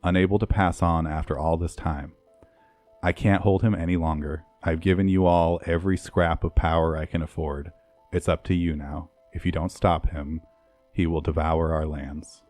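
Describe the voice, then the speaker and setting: A man's voice: low voice, fairly even intonation, normal speed, a little mellow, soft background music, natural voice. A man voicing an ancient female spirit speaking through a young man, with a Scottish accent. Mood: urgent.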